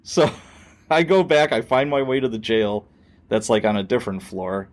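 Man, middle-aged, podcast host, casual storytelling, acts out quotes, swears a bit, mid-pitched. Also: lively intonation, moderate pace. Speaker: podcast host, former police officer.

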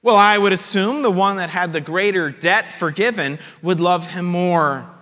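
Man putting on an indignant Pharisee host, high and sharp, exclaiming in disgust, long church reverb. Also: normal speed. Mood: reasoning.

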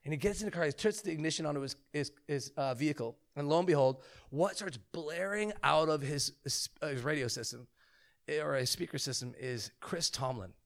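A man in his thirties telling a humorous testimony story as a preacher, animated and joking. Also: on the high side, fairly quick. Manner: animated, joking, acts out quotes.

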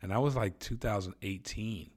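A sales trainer conducts a casual interview, easygoing and enthusiastic, heaping praise on his guest. His voice is fairly low and moves at a normal speed.

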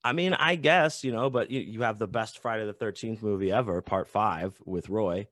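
A man talking as a guest author in a casual podcast chat, loose and animated, swearing and saying "like" a lot. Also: lowish voice, moderate pace, no room sound, studio quality.

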